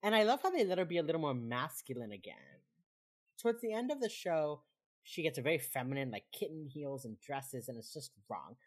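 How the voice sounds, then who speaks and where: A woman with a deep, sing-song voice co-hosts a podcast, chatting casually and a little fast about a TV episode. She acts out the characters' lines and swears freely.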